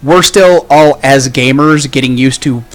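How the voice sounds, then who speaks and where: A man's voice: medium pitch, unhurried, faint music behind. Wry, joking man streamer. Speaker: player and streamer. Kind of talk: casual post-game chat.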